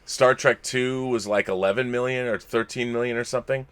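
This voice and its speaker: A man's voice: mid-range voice, fairly even intonation, fairly quick, smooth. A middle-aged man co-hosting a casual live stream, chatting and reading viewer tips aloud with his own asides.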